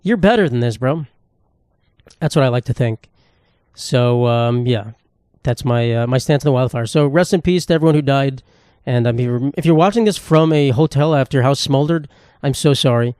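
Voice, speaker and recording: A man's voice: mid-range voice, moderate pace, a little mellow, clear, resonant tone, dry recording, clean studio sound. A young man, a comedian hosting his own podcast, rambling casually in a self-deprecating way and swearing freely. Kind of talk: casual solo monologue.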